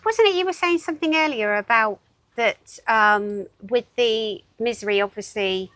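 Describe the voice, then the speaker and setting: A woman's voice: on the high side, moderate pace, fairly bright tone, no echo. A woman hosting a casual interview, encouraging her guest with light teasing. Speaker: host. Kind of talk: casual chat.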